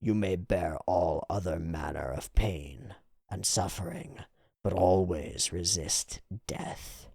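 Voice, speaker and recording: A man's voice: sits low, slow pace, vocal fry, warm tone, husky, dry recording, clean studio sound, exaggerated voice. A man voicing a solemn old village elder who lectures the villagers, read aloud from a comic.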